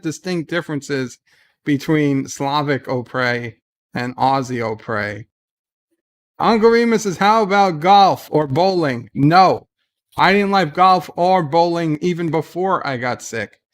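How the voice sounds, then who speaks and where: A man with a somewhat higher voice hosts a relaxed livestream and reads viewers' chat messages aloud. He talks in a rambling, chatty way, full of "uh"s and restarts, and responds to each comment as he goes. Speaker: livestream host. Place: at home in bed.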